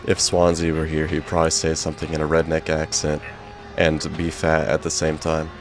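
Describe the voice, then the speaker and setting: A man's voice: rumbling low, completely flat delivery, fairly quick, over music. A man giving jokey, sarcastic let's play commentary as a gaming YouTuber.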